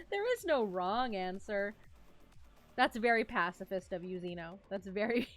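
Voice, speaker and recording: A young woman streamer chatting casually with her live chat, telling a story in a giggly, animated, rambling way. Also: mid-range voice, takes it slowly, pauses often, soft background music. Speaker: vtuber streamer.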